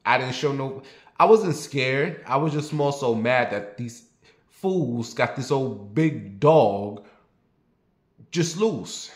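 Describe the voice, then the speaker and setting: New man, casual storyteller, blunt and profane, mid-pitched, recorded in a roomy space. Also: expressive, slow. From New York. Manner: rambling, blunt and profane, talks straight to viewers. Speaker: vlogger. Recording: roomy echo.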